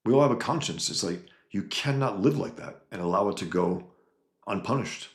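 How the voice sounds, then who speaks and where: A man hosts a casual livestream, reading out viewer comments from chat in a fairly low, animated voice at normal speed. His talk is emphatic and rambling, with frequent restarts, and the sound is roomy.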